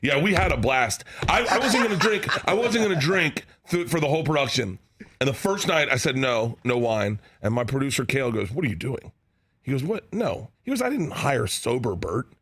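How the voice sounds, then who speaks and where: A man in his fifties, a comedian guest in a studio, telling animated stories, laughing often and acting out other people's lines. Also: fairly high pitch, brisk, breathy edge. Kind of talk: animated storytelling with quoted voices. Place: radio show studio.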